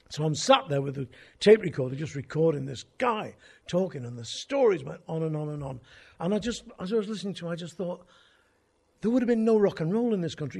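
A man's voice: on the high side, gravelly, dark tone. An older man, a folk show host telling wry, rambling anecdotes in a conversational way. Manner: wry, conversational, drifting tangents. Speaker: folk radio host and storyteller. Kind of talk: anecdotal storytelling.

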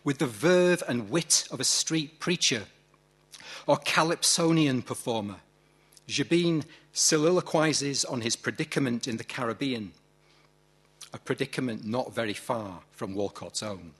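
A man with a Yorkshire accent giving a measured, reflective narration about poetry as a literary commentator. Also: mid-range voice, fairly bright tone, breathy edge.

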